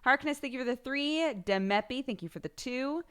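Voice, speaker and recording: A woman's voice: high-pitched, animated, brisk, fairly bright tone, smooth. A young woman chatting casually on a live stream, laughing often and swearing offhandedly.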